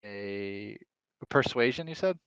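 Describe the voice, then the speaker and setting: A man's voice: lowish voice, expressive, slow, a bit bright, clear, resonant tone, no room sound, lo-fi sound. A man playing a tabletop game who talks casually and hesitantly, full of fillers and questions. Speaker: player.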